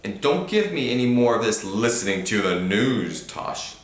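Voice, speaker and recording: A man voicing a furious, bullying middle-aged uncle, snarling and barking with a croaky edge. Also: on the low side, sing-song, normal speed. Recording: roomy echo.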